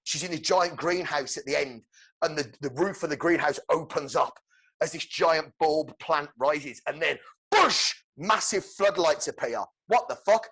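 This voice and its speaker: Excitable man pitching a movie. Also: normal speed, husky. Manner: excitable, sweary, acts out sound effects. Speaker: podcast co-host. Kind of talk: animated movie-pitch storytelling.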